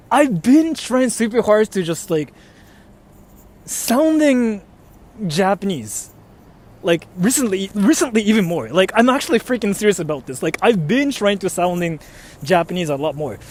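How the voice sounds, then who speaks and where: High-voiced, excitable young man chatting. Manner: animated, rambling, swears mildly, many fillers. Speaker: livestream host reading donations. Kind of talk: casual livestream chat.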